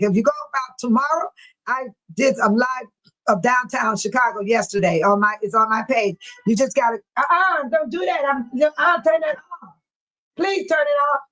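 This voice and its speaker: An older woman, a grandmother of seven, hosts a casual livestream where she reads viewer comments, laughing often in an animated, teasing way. Her voice is a little high, and the recording quality is low.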